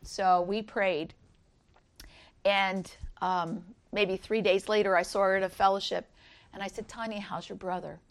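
A woman's voice: fairly even intonation, measured pace. A middle-aged woman giving an earnest Easter devotional talk, reading scripture and telling personal stories. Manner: earnest, rises high when voicing others.

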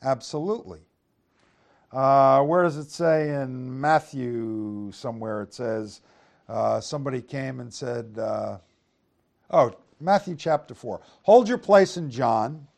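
A man in the middle of a Bible teaching, his voice sitting at an ordinary middle pitch. He reads old-fashioned scripture verses aloud and then explains them plainly. He keeps checking in with his listeners through rhetorical tag questions and stumbles into easy restarts. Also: takes it slowly, vocal fry, a little mellow. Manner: reads scripture aloud in King James wording; conversational with frequent restarts. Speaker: preacher.

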